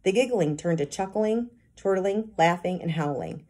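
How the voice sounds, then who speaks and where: A kindergarten teacher reading a children's book aloud, narrating with expressive storytelling. Her voice sits low and mellow, with a slightly husky edge. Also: normal speed, hardly any pauses.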